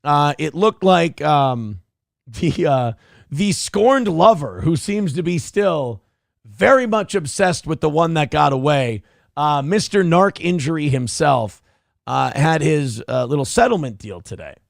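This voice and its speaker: A man's voice: on the high side, animated, a little slow, gravelly, dry recording, studio quality. A man hosting a casual commentary show, sarcastic, crude and rambling as he talks. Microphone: wears headphones.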